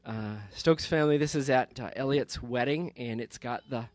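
Man, 50s, pastor, rambling good-humored sermon talk, medium pitch, dry close mic. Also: normal speed, no room sound. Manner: rambling and warm-humored, with many restarts and laughs. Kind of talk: casual talk from the pulpit.

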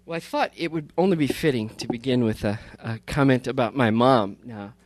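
A pastor in his fifties talks casually from the pulpit at a slightly fast clip, in a medium-pitched voice with no room sound. He is rambling and good-humored, often restarting sentences and laughing.

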